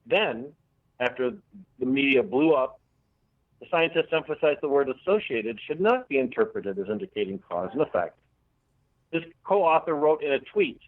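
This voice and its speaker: A man's voice: a little high, big pitch swings, moderate pace, dry recording. A man hosting a radio show who reads news items and quotes, adding sarcastic asides. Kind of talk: reading cannabis news. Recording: dry, tinny phone-like radio audio.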